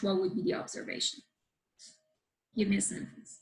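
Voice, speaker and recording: A woman's voice: medium pitch, a little fast, rough recording. A woman teaching a group. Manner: lively, checks in with listeners, asks the audience questions. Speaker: guest teaching a book's ideas. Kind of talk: explanatory teaching to a live group.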